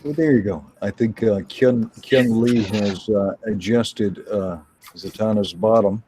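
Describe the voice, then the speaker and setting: A man hosting a live art stream in an easygoing, halting way. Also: fairly low pitch, warm tone, slight background noise. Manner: easygoing, hesitant with fillers. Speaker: host.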